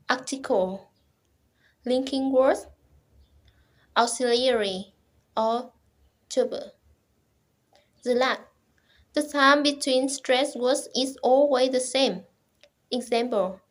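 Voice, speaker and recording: A young woman presents to her class. Her voice sits high, and she reads slowly and formally in short, halting phrases. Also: fairly even intonation. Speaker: student presenter.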